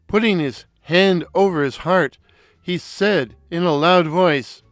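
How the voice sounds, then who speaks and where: A man narrating a first-person audio story in an unhurried, wry storytelling manner. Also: high voice, dry recording, studio quality.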